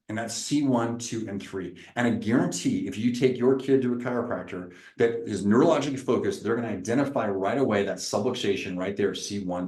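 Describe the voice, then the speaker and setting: A man, a chiropractor, giving an energetic, preacher-like seminar presentation. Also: medium pitch, roomy sound, poor audio. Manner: lively, preacherly, acts out little dialogues.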